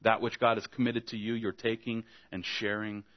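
Low-voiced man preaching a sermon. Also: flat delivery, normal speed, muffled recording. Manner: conversational preaching, acts out little dialogues. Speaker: pastor.

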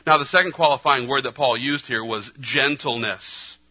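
A man's voice: medium pitch, moderate pace. Earnest male preacher, slightly muffled. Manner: earnest preaching, swings between hushed and emphatic. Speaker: pastor. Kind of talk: sermon. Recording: slightly dull lo-fi sound.

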